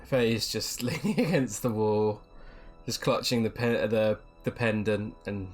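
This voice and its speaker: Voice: medium pitch, measured pace, a little mellow, faint music behind. Tipsy, giggly tabletop player. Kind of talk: casual tabletop play.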